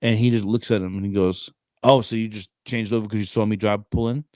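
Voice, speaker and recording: A man in his thirties co-hosting a podcast, telling a story in animated, slang-heavy casual chat. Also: lowish voice, fairly quick, no echo, studio quality. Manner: animated, streetwise slang, frequent "bro". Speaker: podcast co-host.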